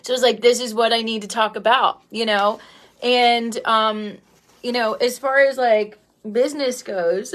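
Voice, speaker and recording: Woman in her thirties, livestream host, tearful, rambling with fillers, fairly high voice. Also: moderate pace. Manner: rambling, heartfelt, many "um" and "like" fillers; greets live viewers by name. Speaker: livestream host and business coach. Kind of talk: casual livestream talk.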